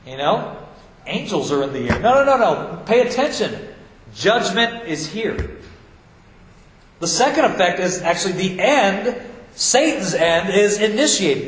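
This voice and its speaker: A man preaching a sermon as pastor, animated, often acting out his listeners in a low mumble. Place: church sanctuary. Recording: echoey church hall.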